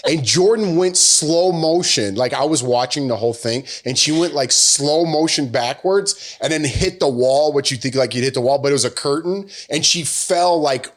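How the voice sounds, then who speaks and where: A man's voice: a little high, normal speed, hardly any pauses. A young man co-hosting a casual chat show, telling stories in a laid-back, jokey way and raising his voice to act out quotes. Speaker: podcast co-host.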